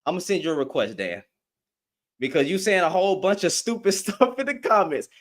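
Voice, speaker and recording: A man with a high voice hosts a live stream and argues straight at his chat. His pitch swings widely as he rants, calls out commenters and repeats lines for emphasis. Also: very animated, brisk, a bit bright. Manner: addresses commenters directly, slangy.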